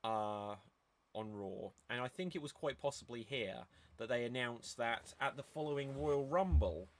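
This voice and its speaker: A man's voice: mid-range voice, moderate pace. Man hosting a casual podcast. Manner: steers the talk with questions, hesitant fillers. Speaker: podcast host.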